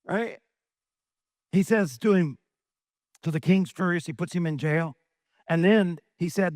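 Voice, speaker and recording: A middle-aged man preaching a sermon as a pastor, animated, asking many rhetorical questions and acting out quoted voices. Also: fairly high pitch, moderate pace, pauses often, no room sound, studio quality.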